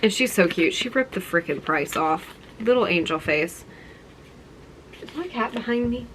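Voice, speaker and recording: Bright-voiced young woman gushing to camera. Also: medium pitch, normal speed, a little hiss or hum, poor audio. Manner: gushing, excited and rambling. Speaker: vlogger. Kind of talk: casual chat to camera.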